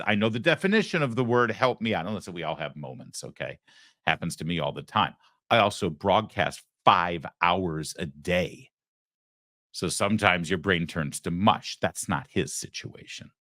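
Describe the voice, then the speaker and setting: A man's voice: fairly low pitch, bright, forceful tone, dry recording, studio quality. A man hosting a talk show, giving emphatic opinionated commentary and asking rhetorical questions. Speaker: host.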